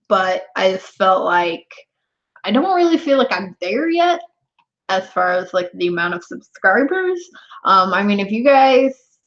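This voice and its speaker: Talking directly to her chat, a young woman laughs a lot while her pitch rises and falls dramatically. Her voice is a bit bright, though the audio itself is dull and lo-fi.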